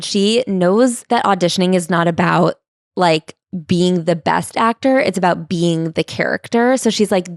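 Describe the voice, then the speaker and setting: Woman co-host, fairly low voice, steady matter-of-fact recap, casual book chat, dry sound. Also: measured pace, no echo. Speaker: podcast co-host.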